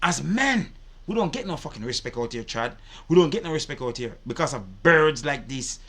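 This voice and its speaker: Man, high bright voice, indignant, profane, repetitive ranting. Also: expressive, normal speed. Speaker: reaction video host. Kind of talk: heated reaction commentary.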